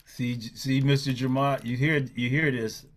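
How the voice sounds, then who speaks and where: An older man hosts a relaxed conversation and teases his guest. He jumps in with short, quick remarks. He laughs along as the story unfolds. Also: mid-range voice. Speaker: host. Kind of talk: casual interview chat.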